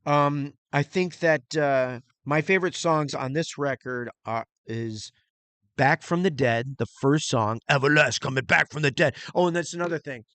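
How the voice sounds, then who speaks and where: A man's voice: fairly high pitch, unhurried, a bit bright, dry recording. A middle-aged man hosting his own channel, talking in a rambling, crude, casual way about music and his plans. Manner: rambling and crude, imitates beats with mouth sounds. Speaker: channel host reviewing music and movies. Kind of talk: casual solo vlog talk.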